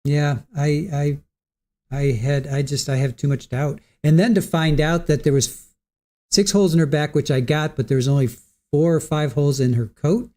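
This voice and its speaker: Livestream host, male, warm and slightly high voice, unscripted and halting, mulls over viewer comments. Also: fairly even intonation. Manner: hesitant, repeats words, thinks aloud; reads viewer comments and answers them. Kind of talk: casual commentary reading chat.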